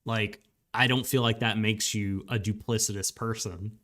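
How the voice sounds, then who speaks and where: A man with a fairly low voice co-hosting a casual podcast discussion. He speaks hesitantly, restarting sentences and leaning on "like" as he works out his point. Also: fairly even intonation, normal speed, a crowd in the background. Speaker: podcast co-host.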